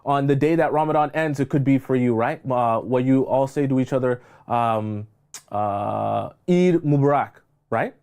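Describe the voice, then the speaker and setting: Male dating coach, mid-range voice, forceful and repetitive, live-stream advice. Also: mid-range voice, moderate pace, smooth. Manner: emphatic, repeats phrases for stress, scolding.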